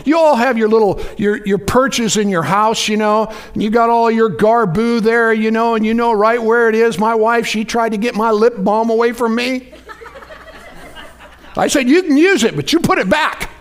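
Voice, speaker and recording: A preacher with a strikingly high voice delivers a folksy sermon. He talks casually and keeps calling on the congregation to answer him back. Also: moderate pace. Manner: lively, folksy preaching with call-and-response.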